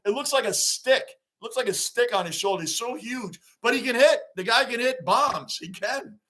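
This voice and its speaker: A man hosting a live sports reaction stream, rambling excitedly and reading fan chat aloud. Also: high voice. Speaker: livestream host.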